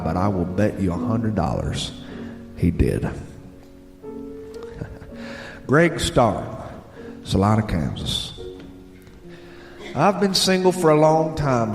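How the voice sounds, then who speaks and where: Southern guy on the radio reading listener letters, takes his time, roomy echo with a long tail, bluegrass playing underneath. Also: mid-range voice. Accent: Southern American. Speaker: radio host. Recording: roomy sound with long reverb and bluegrass music behind.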